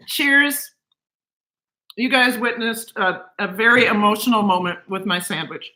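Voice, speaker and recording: A woman vlogs from her home kitchen, gushing over her food in an emotional, chatty way. Her voice is bright and sits a little high, and the room adds a clear echo. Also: slow pace, pauses often. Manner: gushing and emotional, talks while eating. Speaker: cooking vlogger. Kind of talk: casual chat to camera.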